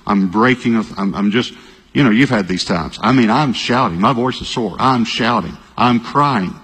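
A male pastor, telling a story in a sermon, talking fast and repeating himself, at times breaking into shouts. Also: medium pitch, slightly rough. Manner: animated storytelling, bursts of shouting and quick repeated phrases. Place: large church hall. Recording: long reverb of a large hall.

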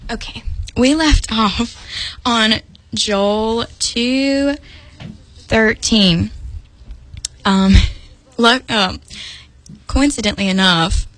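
A woman's voice: a little high, drawn-out words, pauses often, a bit bright, rough recording. Giggly chatty woman. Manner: giggly, chatty, uses "y'all" and "like". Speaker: host of a Bible study broadcast. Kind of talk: casual Bible study talk.

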